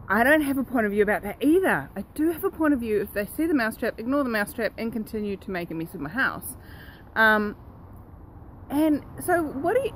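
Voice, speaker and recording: A woman hosting her own self-help vlog, telling a story in a lively, earnest and direct way. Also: fairly high pitch, normal speed, slight background noise, low-quality recording. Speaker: host.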